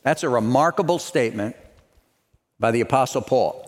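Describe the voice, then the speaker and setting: A man's voice: mid-range voice, lively intonation, normal speed. Man, pastor, sermon, storytelling then emphatic repetition, long reverb of a church hall. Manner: storytelling, building to emphatic repeated declarations.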